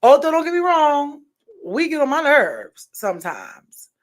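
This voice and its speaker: A woman's voice: high-pitched, huge pitch swings, measured pace. A woman vlogger giving her frank opinions in a casual monologue, rambling with lots of fillers and restarts.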